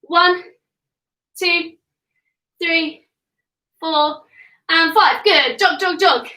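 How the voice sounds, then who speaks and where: Bright-voiced woman coaching kids. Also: very high-pitched, very slow, roomy sound, distant mic, poor audio. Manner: upbeat, encouraging, counting reps aloud. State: getting out of breath. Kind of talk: live home workout class for children. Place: home room.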